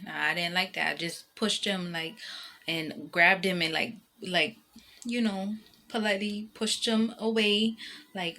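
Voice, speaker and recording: A woman's voice: mid-range voice, fairly even intonation, measured pace, sharp tone. A mother talking to her viewers in a casual vlog, rambling and emotional, circling back on herself with many fillers and restarts. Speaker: vlogger and mother.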